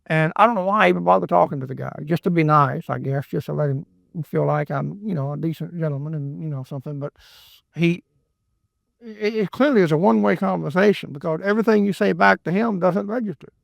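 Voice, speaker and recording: A man's voice: fairly high pitch, fast talker, gravelly, no room sound, clean studio sound. A man teaching a Bible book verse by verse in a folksy, rambling way, often repeating words and adding asides. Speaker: preacher.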